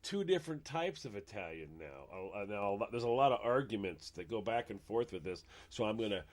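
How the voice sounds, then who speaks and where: A male radio host chatting casually with a guest, his pitch swinging widely as he jokes. He laughs at his own puns and often stammers and restarts his sentences. His talk rises and falls with a lively, animated pitch. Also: a little fast.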